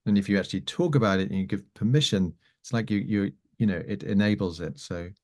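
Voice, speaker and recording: A man hosting a live conversation, speaking hesitantly with frequent restarts and quiet affirmations. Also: on the low side, fast. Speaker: host.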